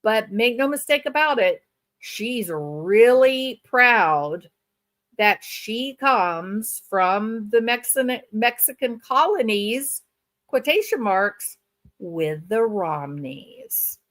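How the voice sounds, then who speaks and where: A woman giving sarcastic, mocking commentary on a video clip, with drawn-out, theatrical emphasis. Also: a little high, lively intonation, a bit bright. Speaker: co-host reacting to a video.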